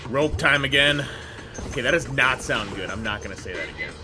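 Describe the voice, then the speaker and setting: A young man commenting on a game as he plays, his pitch jumping around in lively swings. He chatters casually in slang, repeats himself, and yells out when things go wrong, with game music playing clearly behind him. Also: fairly quick. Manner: excitable, loud outbursts and repeated phrases, slangy. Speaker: gaming YouTuber. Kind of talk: casual let's play commentary.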